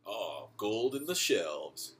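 A man's voice: lowish voice, sing-song, slow pace, very noisy. A man hosting a casual gameplay chat, joking around, laughing often and swearing freely. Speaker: host.

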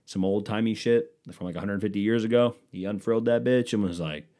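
A man's voice: fairly low pitch, a little fast, warm tone. A man hosting his own solo comedy podcast, rambling through profane, self-mocking tangents. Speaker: podcast host.

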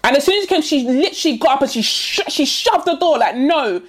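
A woman's voice: sits high, quick pace, crowd noise. A woman in casual chat, telling a story animatedly and acting out what people said. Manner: animated storytelling, acts out quotes, slangy.

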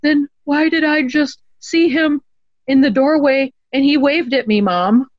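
Woman playing a scared little girl, very high, shaky, stammering, dull dry recording. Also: measured pace, dry recording. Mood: frightened. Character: frightened three-year-old girl.

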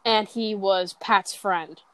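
A woman's voice: mid-range voice, slow, clean tone, no echo. A teenage girl in casual chat, rambling and swearing, with many fillers and restarts. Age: teens. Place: bedroom.

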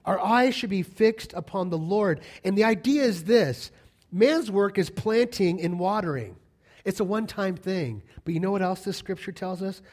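Middle-aged male pastor, high voice, very lively delivery, emphatic repeating sermon style. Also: normal speed. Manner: animated, storytelling with emphatic repetition.

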